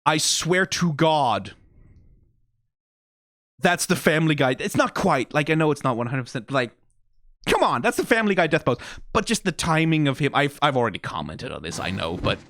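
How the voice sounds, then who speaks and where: A man reviewing songs in a casual, chatty way. His pitch is somewhat high and swings widely as he laughs and swears freely, and the recording sounds dry and close. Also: very animated, moderate pace, a bit bright, dry recording. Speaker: song reviewer. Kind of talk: casual commentary.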